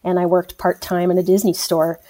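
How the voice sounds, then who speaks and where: Woman, from Indiana, podcast guest, enthusiastic, low pitch, warm tone. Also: level tone, brisk. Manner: enthusiastic storytelling. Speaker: studio communications executive, guest. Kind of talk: casual interview.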